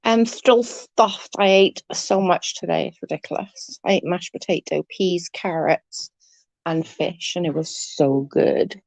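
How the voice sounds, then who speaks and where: A woman's voice: lowish voice, unhurried, gravelly, a little mellow, no room sound. A woman streaming live, chatting casually and rambling with her viewers, swearing now and then.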